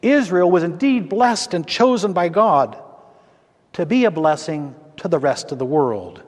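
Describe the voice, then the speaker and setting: A man preaching a sermon as a Lutheran pastor, slow and emphatic, speaking to his congregation in a church. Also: on the high side, animated, darkish tone. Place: church sanctuary. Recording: long church reverb.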